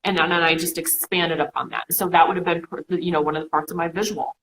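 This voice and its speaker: A woman in her thirties talks through a coaching technique in a relaxed, animated way, checking in often with "okay?" Her voice sits a little low. A faint noise floor runs under the recording. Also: fast talker, low-quality recording. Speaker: co-host. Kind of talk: casual coaching chat.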